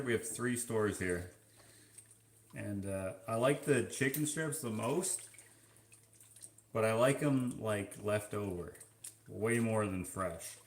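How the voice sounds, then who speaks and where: A man's voice: medium pitch, echoey room. A man from Canada chatting casually while washing dishes, reading viewer comments aloud in an offhand, joking way. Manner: slow, offhand, musing and joking. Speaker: vlogger.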